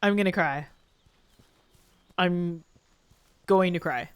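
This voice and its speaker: A woman's voice: fairly low pitch, slow pace, clean tone. A woman streaming a video game live, chatting to her viewers and playfully whining and pleading at the game with frequent laughs. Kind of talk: live gameplay stream commentary.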